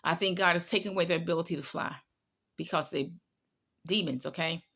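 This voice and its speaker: A woman's voice: fairly low pitch, brisk, vocal fry, fairly bright tone, husky. A woman giving casual commentary on online prophets, sarcastic and scolding, often repeating herself and tagging lines with "okay?".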